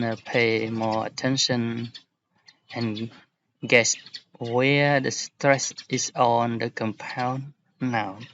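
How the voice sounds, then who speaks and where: A male English teacher talks through a lesson at an unhurried, deliberate pace, pausing to give examples. His voice sits at an ordinary pitch, and the recording is a little dull and lo-fi with a faint hiss underneath. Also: fairly bright tone. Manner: slow, explaining patiently with examples.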